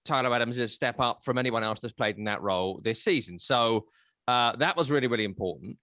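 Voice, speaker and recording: A man, hosting a casual football analysis chat, chatty and animated. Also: medium pitch, fast, dry recording, studio quality. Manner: animated, chatty, breaks into silly voices. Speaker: football podcast host.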